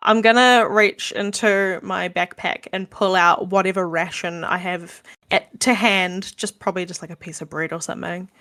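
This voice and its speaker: A woman's voice: fairly low pitch, fairly even intonation, normal speed, few pauses, a bit bright, no room sound, studio quality. A woman playing in a casual tabletop game, wry and easygoing. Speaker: player.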